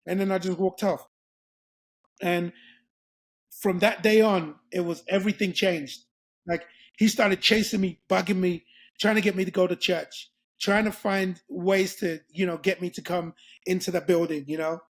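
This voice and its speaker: A man's voice: high voice, normal speed. A middle-aged man from England, a guest telling a story in a casual interview, laughing often and acting out the voices of the people in it. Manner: animated, laughing, acts out voices.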